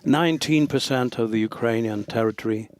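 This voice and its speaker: A man giving simultaneous interpretation of a formal speech at a forum, in a halting, measured delivery with frequent pauses and fillers. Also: mid-range voice.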